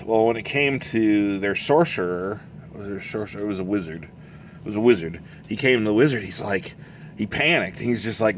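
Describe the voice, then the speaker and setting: Deep-voiced man rambling about old game books. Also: a little hiss or hum. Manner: rambling, self-correcting, chuckling storyteller. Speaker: game master reviewing a box set. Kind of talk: casual show-and-tell chat.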